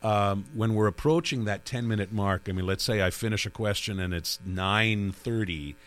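A man with a low voice talks about hosting radio interviews. He rambles, doubles back and restarts his sentences as he tells his stories. A faint mains hum sits under the recording. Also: moderate pace, a bit bright. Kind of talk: conversational interview.

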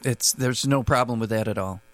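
A man's voice: medium pitch, fairly quick, fairly bright tone, no echo. A man who is the guest gardening expert on a radio call-in show, answering questions with frequent restarts. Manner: hesitant, many restarts, friendly explaining.

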